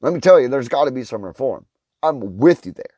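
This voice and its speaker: A young man delivers a heated, profanity-heavy rant straight to camera, voice at a middle pitch for a man. His tone is sarcastic and blunt, and the sound is dry and close. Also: very animated, fairly quick, dark tone, husky, no room sound. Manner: heated, swearing constantly, sarcastic. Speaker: vlogger.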